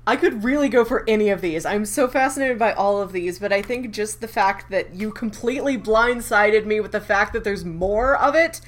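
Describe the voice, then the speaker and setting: A woman's voice: medium pitch, moderate pace, hardly any pauses. A woman co-hosting a podcast, chatting eagerly and casually. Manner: enthusiastic, chatty. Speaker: podcast co-host. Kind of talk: casual chat.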